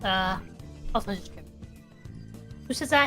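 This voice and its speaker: Bright playful woman co-hosting. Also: mid-range voice, normal speed, soft background music. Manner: playful, teasing, addresses chat. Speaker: podcast co-host. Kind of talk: casual podcast chat, reading chat questions.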